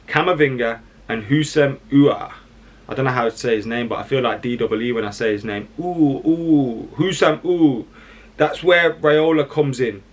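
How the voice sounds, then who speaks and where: Young guy doing football reaction chat, opinionated and animated, mid pitch. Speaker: football channel host. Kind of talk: casual reaction commentary.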